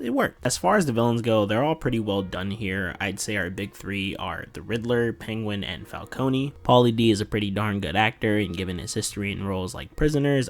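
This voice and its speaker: A man giving a casual, chatty film review full of slang, with faint music playing behind him. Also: fairly low pitch. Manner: slangy, laid-back and chatty.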